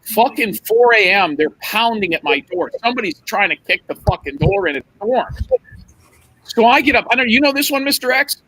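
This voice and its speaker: Man, casual podcast storyteller, profane and rambling, high bright husky voice. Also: moderate pace, rough recording. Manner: animated, profane, rambling anecdotes.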